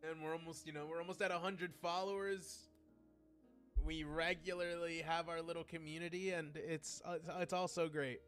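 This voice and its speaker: A man's voice: on the high side, flat delivery, moderate pace, a bit bright, faint music behind. A young man chatting casually on his livestream, rambling and heartfelt, with lots of restarts. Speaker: VTuber streamer.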